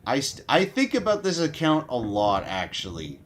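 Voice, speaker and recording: A man's voice: mid-range voice, huge pitch swings, moderate pace, fairly bright tone. A sleep-deprived young man hosting a casual livestream, swearing heavily and restarting his sentences as he rambles. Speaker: livestream host.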